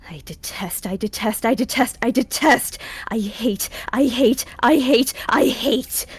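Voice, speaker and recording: A woman's voice: a little high, measured pace, breathy edge, no room sound. A woman whispering as a vengeful hate-filled woman, whispered role-play. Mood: hateful. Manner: hissing whisper that swells into rage. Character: vengeful woman consumed by hatred.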